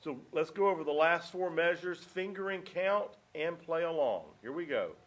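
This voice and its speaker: A man's voice: on the high side, lively intonation, moderate pace. A man teaching a beginner clarinet lesson, counting beats aloud and giving patient, step-by-step directions. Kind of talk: instructional music lesson.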